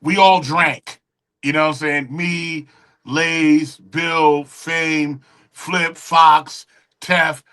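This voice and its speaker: A middle-aged man, a music engineer and guest, casually telling studio stories in an animated way and acting out the quoted dialogue. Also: on the high side, very slow. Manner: animated storyteller who acts out quoted dialogue. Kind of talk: casual interview storytelling.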